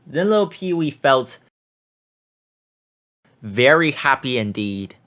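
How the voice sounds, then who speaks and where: Man, children's book read-aloud, slightly high voice, expressive storytelling. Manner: expressive, drawn-out storytelling emphasis. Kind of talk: reading a picture book aloud.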